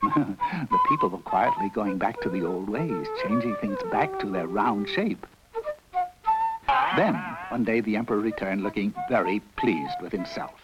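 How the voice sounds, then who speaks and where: A man narrating a children's storybook in a playful, expressive way. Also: lowish voice, normal speed. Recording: dull lo-fi recording with loud music.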